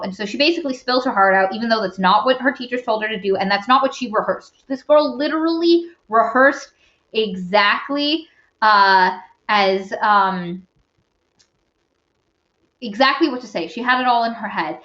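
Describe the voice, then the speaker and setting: A woman's voice: a little high, moderate pace, a bit bright. A woman co-hosting a podcast, casually retelling a book's plot in a rambling way, full of fillers and asides. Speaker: podcast co-host. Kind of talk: casual book-review chat. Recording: roomy dull lo-fi recording.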